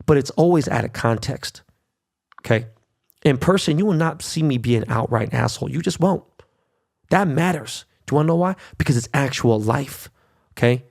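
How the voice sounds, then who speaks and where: A man's voice: medium pitch, lively intonation, normal speed, gravelly. A middle-aged man hosting his own podcast, ranting brashly and cursing a lot. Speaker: podcast host. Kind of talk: solo podcast rant.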